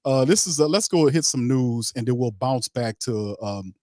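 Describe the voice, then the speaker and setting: A man's voice: mid-range voice, lively intonation, moderate pace, a little mellow, dry recording, studio quality. A man hosting a casual sports talk show, talking in a loose, emphatic, slangy way with many restarts. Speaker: podcast host.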